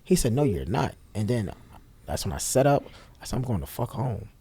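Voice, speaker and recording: A young man being interviewed recounts something that happened to him with frank, profane candor, switching voices rapidly to play out conversations. He has a warm, medium-pitched voice with big pitch swings, and there's a little hiss or hum on the recording.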